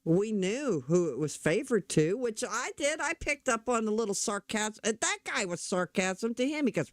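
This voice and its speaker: A man's voice: high-pitched, big pitch swings, moderate pace, few pauses, no room sound. A middle-aged man talking politics in a casual, blunt, opinionated way, often restarting his sentences. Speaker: political commentator.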